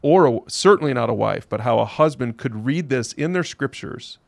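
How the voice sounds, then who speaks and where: A man's voice: mid-range voice, animated, moderate pace, creaky, a little mellow, no echo, clean studio sound. A man, a pastor and co-host, talking in a casual discussion and reading scripture aloud, incredulous and emphatic, repeating his phrases.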